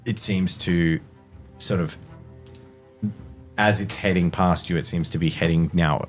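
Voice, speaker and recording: A man narrating as game master, describing the scene with frequent pauses and fillers. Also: sits low, fairly even intonation, soft background music. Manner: halting narration with many fillers.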